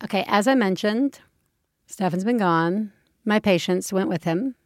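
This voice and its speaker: A woman's voice: unhurried, dry recording, studio quality. A woman in her thirties co-hosting a podcast, chatting casually and acting out her own stories. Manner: animated storyteller, acts out her own shrill yelling. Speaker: podcast co-host. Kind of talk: casual chat.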